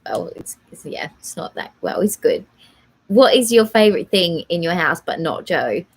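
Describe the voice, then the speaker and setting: A young woman hosts a casual live Q&A from home, talking in a chatty, rambling way full of fillers. Her voice sits a little on the low side. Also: expressive, moderate pace, breathy edge. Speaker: live stream host answering viewer questions.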